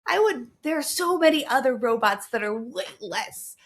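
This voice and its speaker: A woman's voice: sits high, animated, moderate pace, fairly bright tone. Chatty woman host sharing trivia. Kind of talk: casual film discussion.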